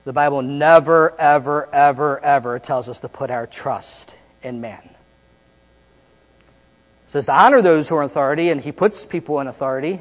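High-voiced male pastor in echoey hall. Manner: conversational and joking, with dramatic pauses. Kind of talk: sermon with call-and-response. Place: church sanctuary. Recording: dull lo-fi recording with long hall reverb and mains hum.

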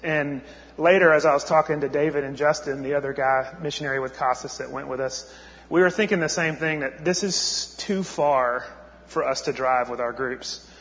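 A man's voice: fairly high pitch, moderate pace, a bit bright. Man telling a story in an echoey hall. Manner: conversational, frequent "like" and restarts. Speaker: missionary speaker. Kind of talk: storytelling sermon. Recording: echoey hall, muffled sound.

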